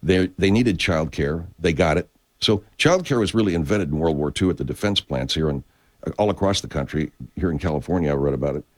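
A man's voice: sits low, fairly quick. A man hosting a show, chatting casually in a profane, digressive way with many restarts. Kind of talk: casual rambling chat. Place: California.

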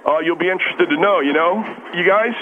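A man's voice: high voice, a little fast, lightly acted. A man voicing a nervous, bumbling male phone caller who stumbles over his words and fumbles names. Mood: flustered. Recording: tinny phone line, faint hiss.

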